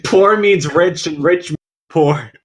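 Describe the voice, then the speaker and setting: A man co-hosting a comedy podcast, tossing in quick joking asides and laughing often. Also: fairly high pitch, crowd noise. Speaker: podcast co-host. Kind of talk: casual comedic banter.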